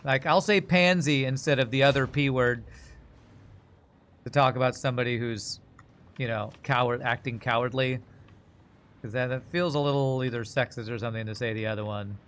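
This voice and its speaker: A man's voice: mid-range voice, fairly even intonation, moderate pace, fairly bright tone. A man streaming a game live, thinking aloud in rambling, self-mocking casual commentary.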